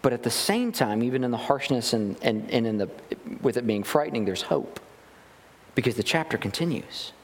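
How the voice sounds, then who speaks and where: A man preaching a sermon, reading scripture slowly and then explaining it with emphatic repetition. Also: medium pitch, lively intonation. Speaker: pastor. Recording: long reverb of a large hall.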